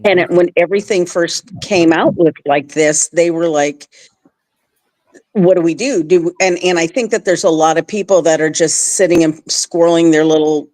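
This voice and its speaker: A woman chatting on a business roundtable in a relaxed, rambling way, with many fillers. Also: on the low side, moderate pace, few pauses, dry recording. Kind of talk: casual roundtable chat.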